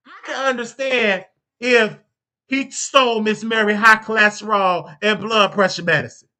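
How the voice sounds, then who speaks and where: Male show host, bright voice, theatrical mock-outrage rant, stammers when heated. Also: high-pitched, fairly even intonation, normal speed. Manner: addresses a sidekick and the audience. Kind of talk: comedic commentary rant.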